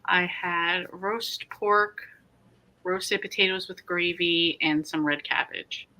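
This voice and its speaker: A woman's voice: on the low side, takes it slowly, sharp tone, low-quality recording. A woman hosting a casual livestream, chatting and reading out viewer comments. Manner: chatty, reads comments aloud and riffs on them. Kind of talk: casual chat.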